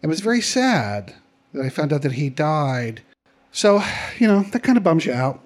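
A middle-aged man telling a personal story to an audience in a conversational, animated way, acting out the voices of the people in it. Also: a little high, normal speed.

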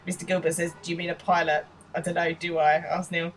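A woman's voice: on the low side, little pitch movement, fast, far from the mic, low-quality recording. A woman co-hosting a podcast, chatting casually through an episode recap and laughing often as she retells scenes. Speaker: podcast co-host.

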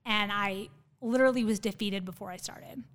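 A woman's voice: mid-range voice, moderate pace, a bit bright. A woman guest chatting casually in an interview, telling a story in a sarcastic, talkative way with lots of fillers. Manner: sarcastic, by her own account; chatty, with many fillers and laughs.

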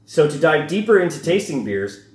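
A man's voice: on the high side, very animated, normal speed. A man hosting a casual beer podcast, reading out his notes and laughing often. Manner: laughing, reads segments aloud. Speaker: podcast host. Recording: echoey room, faint hiss.

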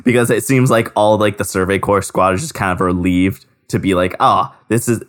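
Chatty male podcast co-host. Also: low-pitched. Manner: chatty, quick asides, laughs. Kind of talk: casual anime discussion. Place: in a car.

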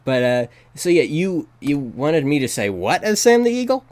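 A man's voice: fairly high pitch, big pitch swings, normal speed, darkish tone. A man hosting a casual interview over a call, joking and self-mocking, recorded on a handheld recorder mic. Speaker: podcast host. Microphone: handheld recorder mic, remote call.

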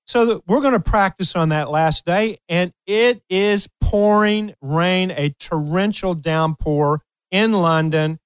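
A man hosting a talk show, telling a coaching story in an animated way and laughing often. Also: sits high, slow pace, hardly any pauses, clear, resonant tone, dry recording. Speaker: host, tennis coach. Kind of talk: storytelling in casual chat.

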